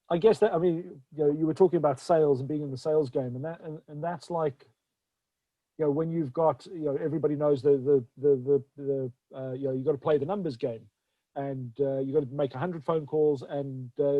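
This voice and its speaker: A male interview host who asks questions in a halting way, restarting and stumbling over his words. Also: fairly high pitch, steady tone, dry recording, muffled recording. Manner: halting, many fillers and restarts. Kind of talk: conversational interview.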